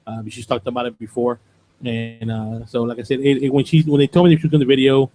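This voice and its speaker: A man's voice: medium pitch, flat delivery, quick pace, dark tone. A middle-aged man hosting a radio show in casual chat, rambling and repeating himself.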